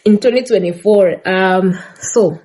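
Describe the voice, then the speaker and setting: A woman's voice: medium pitch, measured pace, mellow. A young woman beauty vlogger chatting casually while doing her makeup, a bit out of breath and rambling with fillers. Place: indoors at home, sit-down filming. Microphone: camera in front of her.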